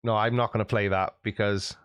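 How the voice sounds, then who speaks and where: A man's voice: on the low side, flat delivery, brisk, fairly bright tone, clean tone, no room sound, clean studio sound. Cheeky man chatting on stream. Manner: jokey, cheeky, laughs often. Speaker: live stream host. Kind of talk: casual chat reading out viewer comments.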